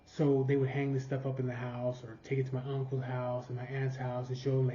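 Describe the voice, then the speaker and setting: A man's voice: medium pitch, fairly even intonation, fairly quick, hardly any pauses, warm tone, slight background noise. A man from California telling a rambling, profanity-filled family story in casual storytelling. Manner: profane, rambling, laughing at his own story. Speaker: vlogger. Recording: roomy, slightly dull sound.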